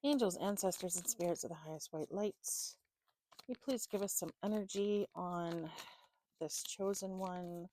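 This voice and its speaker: Low-voiced woman giving a chatty tarot reading. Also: normal speed, warm tone, slight background noise. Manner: chatty, loose, with fillers and swearing. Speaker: tarot reader. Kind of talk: casual tarot reading to camera.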